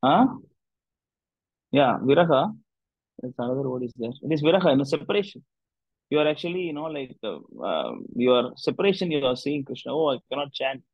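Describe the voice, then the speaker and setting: A man's voice: mid-range voice, big pitch swings, fairly quick, long pauses, husky, no room sound, highs cut off. A man, a spiritual teacher leading a discussion group, telling a devotional story in a loose, rambling way with many "you know" fillers.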